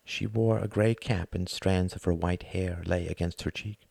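A man narrating a novel as an audiobook in a measured, expressive reading. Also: sits low, vocal fry, dry recording.

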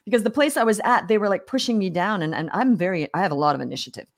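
A woman's voice: medium pitch, racing. A middle-aged woman from Australia speaks as a guest in a casual interview. She tells her stories with energy, slips into the voices of the people she quotes, and often stumbles and restarts mid-sentence. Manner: animated storyteller acting out quoted voices, many restarts. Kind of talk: casual storytelling in a podcast interview.

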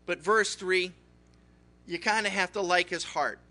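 A man preaching a Bible study sermon, telling the story in a lively way. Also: high-pitched, a little slow. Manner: animated storytelling, acts out characters. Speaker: pastor.

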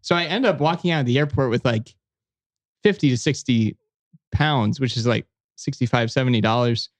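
A man, a podcast guest, telling a story in a casual, lively way and often acting out other people's lines. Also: medium pitch, normal speed. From United States.

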